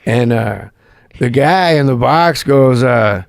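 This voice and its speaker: A middle-aged man, a guest comedian, tells a story in casual chat with a medium-pitched, slow, creaky voice. He's animated and acts out the voices in his tale. The audio is studio quality with no echo.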